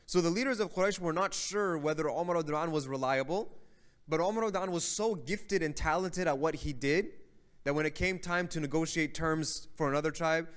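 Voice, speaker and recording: Man, fairly high-pitched voice, religious lecture, conversational storytelling, asks listeners "right?". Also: a bit bright. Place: mosque hall.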